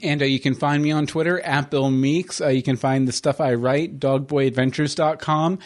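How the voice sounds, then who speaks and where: A man's voice: on the high side, fairly even intonation, moderate pace. A man hosting a podcast, talking in a casual, chatty way with lots of fillers and restarts. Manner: chatty, stammering with many fillers. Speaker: podcast host. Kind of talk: casual commentary chat.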